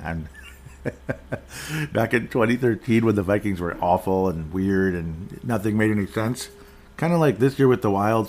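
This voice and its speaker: A middle-aged man hosting a casual solo sports talk podcast, rambling and digressive with jokes, often clearing his throat. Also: lowish voice. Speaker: podcast host.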